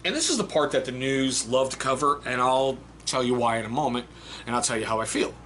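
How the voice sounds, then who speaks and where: A man's voice: mid-range voice, a little fast, a bit bright, a little hiss or hum. A man, an Army veteran, giving a blunt, chatty book review and reading passages aloud. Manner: blunt, chatty, swears casually. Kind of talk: casual spoken book review.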